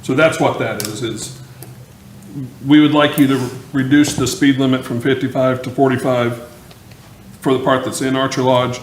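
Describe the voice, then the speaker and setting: A man's voice: mid-range voice, fairly even intonation, moderate pace, a little hiss or hum. A man on a town council, plainspoken, explaining a motion step by step during a meeting. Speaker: council member. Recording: echoey council chamber.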